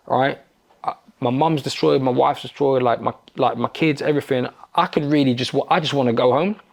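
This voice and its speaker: Guest in his forties, gravelly, animated storyteller who swears a lot. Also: medium pitch. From London. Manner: animated, swears freely, acts out quoted exchanges. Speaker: podcast guest. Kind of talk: casual conversational storytelling.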